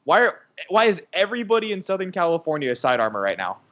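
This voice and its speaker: A man's voice: fairly high pitch, sing-song, fast talker, a bit bright, lo-fi sound. A young man co-hosting a baseball watch party, rambling through a casual anecdote with lots of fillers. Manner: rambling storyteller, many fillers.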